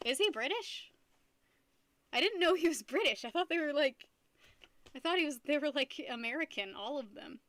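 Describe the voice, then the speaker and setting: A young woman streamer chats casually with her viewers, playful and giggly, often laughing at herself. Her voice is high-pitched, bright and forceful, with no echo.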